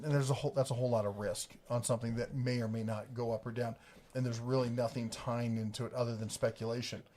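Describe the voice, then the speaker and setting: Casting note: male host, casual livestream chat, rambling and jokey, mid pitch. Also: darkish tone, a little hiss or hum. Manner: rambling, joking, self-correcting.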